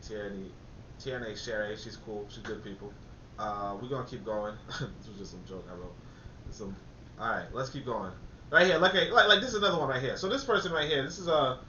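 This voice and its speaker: Male livestream host, ranting and swearing; tense, bright voice, muffled and set back from the mic. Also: medium pitch, slight background noise. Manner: blunt, ranting, swears, slangy asides. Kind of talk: casual commentary. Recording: echoey, distant, muffled.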